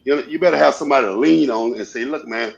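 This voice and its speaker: Gravelly fervent man on a muffled call. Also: medium pitch, rapid-fire, a little hiss or hum. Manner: fervent, rambling, repeats phrases. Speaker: panel guest. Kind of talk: casual panel chat.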